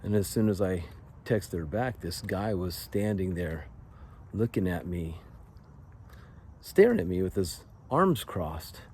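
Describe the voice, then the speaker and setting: A man in his forties with a lowish voice tells a story straight to his viewers. He speaks earnestly and haltingly, doubling back on his words. A faint hiss sits under the recording. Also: animated, darkish tone. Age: 40s. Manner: earnest, halting, restarts often. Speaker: vlogger sharing a personal story. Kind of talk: casual confessional storytelling.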